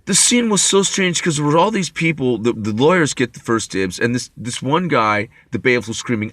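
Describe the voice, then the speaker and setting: A man's voice: medium pitch, animated, a little fast, hardly any pauses, pushed and bright, dry recording. A man telling a long, rambling story to camera, profane and wry. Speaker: vlogger. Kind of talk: rambling monologue.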